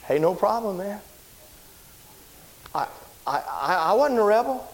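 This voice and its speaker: A man preaching, telling a personal story in a sermon, animated and shouting at the big moments. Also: a little slow, long pauses, a little hiss or hum. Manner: animated storyteller, shouts at high points, drops low and quiet when somber.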